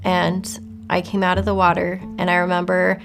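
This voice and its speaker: A woman's voice: fairly low pitch, monotone, moderate pace, vocal fry. Candid woman telling her personal story. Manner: reflective, candid, with soft laughs. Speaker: interviewee sharing her testimony. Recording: faint music underneath.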